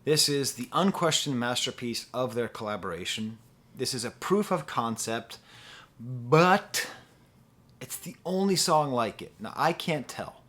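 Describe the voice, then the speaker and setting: Young male reviewer, casual and rambling, playful, hums snippets mid-sentence, mid pitch. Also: animated, unhurried, a bit bright. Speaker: music reviewer.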